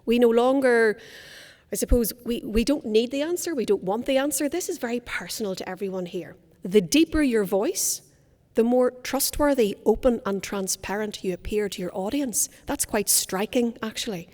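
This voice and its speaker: A woman leads a speaking workshop with a fairly high voice. Her diction is crisp and precise, and her emphasis is theatrical. The sound carries the long reverb of a large conference hall. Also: normal speed, darkish tone. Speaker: speaking coach.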